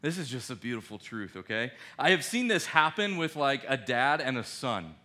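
A man preaching a sermon in a conversational, animated way, asking his listeners questions. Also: mid-range voice, normal speed. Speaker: pastor.

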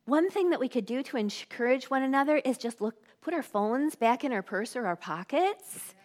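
A woman in her forties giving a sermon to a live audience, bubbly and animated, dropping to hushed tones. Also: sits high, moderate pace. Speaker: women's ministry speaker.

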